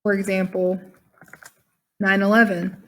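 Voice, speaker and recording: With a mid-range, level voice and a measured pace, a woman teacher reads a text aloud to her class online and talks it through casually. Tiredness comes through in her chatty delivery, and she refers to the students as "y'all."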